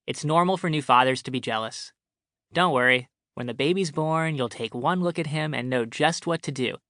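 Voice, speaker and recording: A man's voice: mid-range voice, normal speed, sharp tone, no room sound, studio quality. A man voicing a pushy, teasing mother-in-law who talks in a sing-songy voice in an audiobook story. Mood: soothing.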